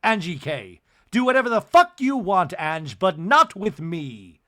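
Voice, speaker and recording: A man impersonating an indignant woman reality star who demands an apology, talking loud and clipped and swearing. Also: high voice, lively intonation, a little slow, voice pushed up. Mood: furious.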